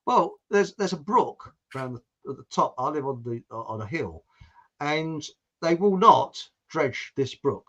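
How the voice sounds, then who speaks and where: A man's voice: on the high side, expressive, a little slow, a bit bright, dull audio. A man from England in a casual chat, telling stories with frequent laughs and putting on accents. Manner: anecdotal, laughs often, mimics accents. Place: home.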